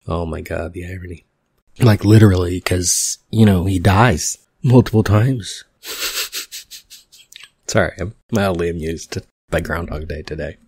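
A man's voice: deep voice, measured pace, darkish tone, breathy edge, no echo, clean studio sound. A male podcast host giving casual, wry commentary on a screenplay, with rambling asides.

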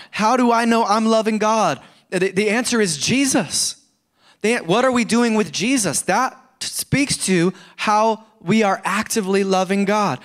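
A middle-aged man preaching a sermon in church, conversational and earnest, often repeating words and rising into emphasis. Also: sits high. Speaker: pastor.

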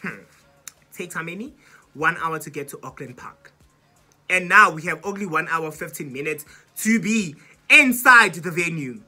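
A woman's voice: lowish voice, lively intonation, normal speed, long pauses, bright, forceful tone, faint music behind. A young South African woman in her twenties with a South African accent, dramatically retelling a storytime vlog and mixing in isiZulu words. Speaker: YouTuber.

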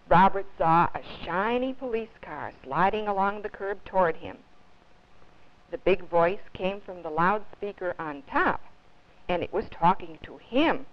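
A woman children's librarian reading a picture book aloud with expressive storytelling, on dull lo-fi 1950s TV audio. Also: on the low side.

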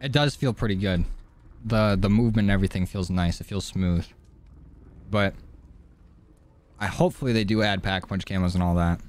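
A man streaming live gameplay, talking casually to his chat with sudden excited yelps, on a close studio mic at home. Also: low voice, brisk, long pauses. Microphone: studio dynamic mic.

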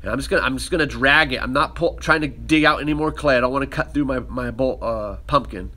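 A man's voice: mid-range voice, fast. A man teaching a ceramics class, talking casually while he demonstrates with his hands. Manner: relaxed, talks while working with hands.

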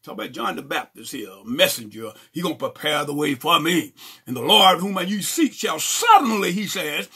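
Raspy, lively preacher with a gravelly voice. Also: male voice, a little high, normal speed. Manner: preaching with frequent "praise God" and call-and-response questions. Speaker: pastor. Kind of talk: sermon.

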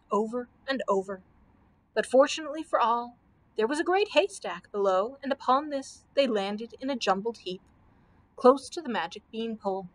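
Librarian reading a children's book aloud. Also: female voice, fairly high pitch. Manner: steady reading with small slips. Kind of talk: storybook read-aloud.

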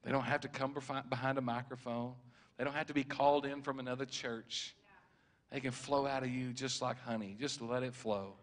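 A man, preaching prophetic words over one person in a church service. He speaks at a mid pitch, circling back over his phrases with stammered restarts and frequent chuckles. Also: fairly even intonation, a little fast. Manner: warm, repetitive, stammering restarts, chuckles often.

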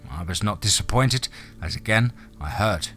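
Bright, measured male audiobook narrator. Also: fairly low pitch, lively intonation, soft background music. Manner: measured, dramatic.

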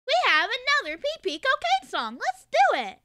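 A woman streamer chatting casually with her viewers, loud and excitable, often breaking into laughter. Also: very high-pitched, a little fast, heavy background noise. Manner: giggly, bursts into frequent laughter.

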